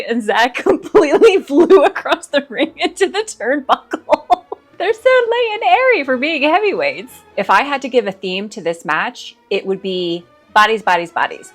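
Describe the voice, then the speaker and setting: A woman hosting a wrestling reaction video, gasping and laughing as she reacts live, then recapping in casual chat. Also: fairly high pitch. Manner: excitable, gasping, laughing often.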